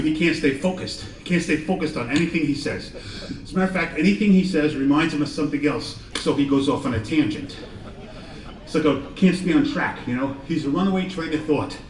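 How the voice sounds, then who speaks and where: A man doing a stand-up comedy set on a live stage, telling rambling, self-deprecating stories with asides. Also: fairly high pitch. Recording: echoey live room, far from mic, crowd. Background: audience laughter.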